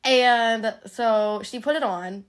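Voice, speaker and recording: A woman's voice: fairly high pitch, takes it slowly. A young woman, chatting casually while showing off her Christmas gifts, her voice a little worn from being sick. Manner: chatty, rambling, giggly. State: partly lost voice from being sick. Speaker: vlogger. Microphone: handheld phone, no tripod.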